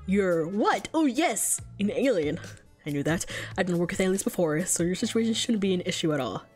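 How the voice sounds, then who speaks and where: A woman's voice: on the low side, expressive, a little fast, a little mellow, soft background music, lightly acted. A woman voicing a greedy male troll lawyer, slick and overly polite like a salesman. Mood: smarmy.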